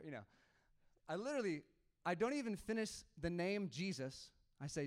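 Young male pastor, lightly raised pitch, clean resonant tone, chatty animated sermon storyteller. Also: normal speed. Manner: casual, animated storytelling with laughs and quoted dialogue.

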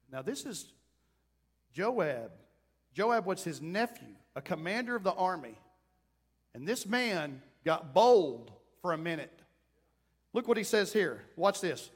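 A man's voice: high voice, sing-song, takes it slowly, pauses often, husky, big-room sound. A man preaching a sermon as pastor, speaking conversationally and building to emphatic exhortation.

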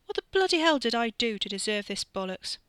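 A woman's voice: on the high side, big pitch swings, fairly quick, a bit bright, smooth, dry recording, voice pushed up. Woman voicing a grumpy sweary lad. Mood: grumbling. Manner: irritable, sweary grumbling. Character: grumpy young man with an aching stomach.

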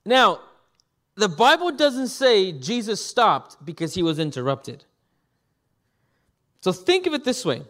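A man preaching a sermon as pastor, animated and acting out scenes with quick voice changes. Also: high-pitched.

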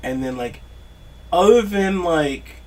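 Young man with a slightly high voice, laid-back. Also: animated, takes it slowly, darkish tone. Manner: profane, laid-back, says bro. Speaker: podcast co-host. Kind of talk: casual storytelling chat.

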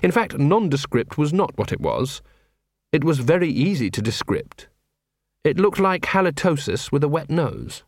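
Man reading an audiobook, lively up-and-down voice, dry close sound. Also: on the high side, normal speed, no echo. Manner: expressive, wry storytelling. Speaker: audiobook narrator. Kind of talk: scripted narration.

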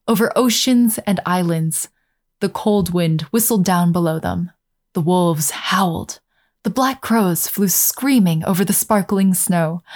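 A woman narrating a fairy tale aloud in a calm, measured way, slowing down over scenic passages. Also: lowish voice. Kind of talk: storybook narration.

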